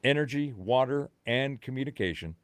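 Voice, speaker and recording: A man's voice: mid-range voice, expressive, normal speed, clean tone, no echo. A man, a podcast guest, explaining his views in an emphatic, conspiratorial way. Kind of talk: casual chat.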